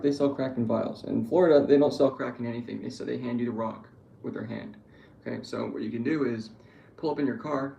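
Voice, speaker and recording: A man's voice: medium pitch, gravelly, dark tone. A young man streaming, telling crude jokes in a rambling casual monologue full of swearing. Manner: crude, joking, profane storytelling. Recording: echoey room with faint noise.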